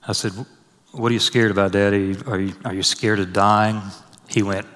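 A man with a low voice preaches from the pulpit, his words ringing through a long hall reverb. He rises loud and high on scripture and falls to a soft, low hush when telling a personal story. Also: level tone, moderate pace. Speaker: pastor. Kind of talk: sermon.

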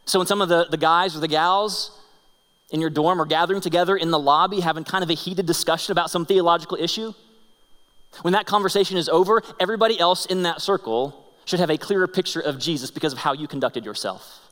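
A man's voice: a little high, quick pace, fairly bright tone. A man in his thirties preaching a sermon, telling stories in an earnest way and often repeating his words. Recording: long hall reverb.

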